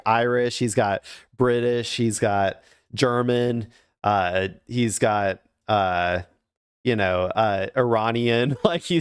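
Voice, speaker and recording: A man's voice: on the low side, clear, resonant tone, dry recording, clean studio sound. A man casually commenting on the news on his stream, rambling and hesitant with many fillers and restarts.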